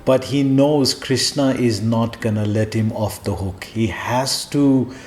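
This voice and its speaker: A man's voice: medium pitch, measured pace, a little mellow, slight background noise. A man giving a sermon to devotees, emphatic and repeating key phrases. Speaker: spiritual teacher. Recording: roomy echo.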